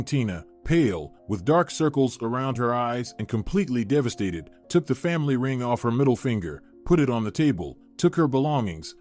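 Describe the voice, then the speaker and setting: A man narrating a scripted drama story in a steady, even storytelling manner. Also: medium pitch.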